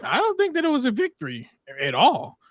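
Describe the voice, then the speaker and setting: Male co-host, high and animated, profane and stammery, dry close sound. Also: fairly quick, no room sound. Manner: swears freely, laughs, stammers and restarts. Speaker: podcast co-host. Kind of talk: casual wrestling chat.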